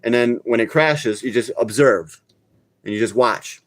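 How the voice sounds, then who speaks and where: A man's voice: medium pitch, unhurried. A man hosting a live crypto talk stream, talking casually and bluntly, getting worked up and scolding his viewers. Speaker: crypto channel host.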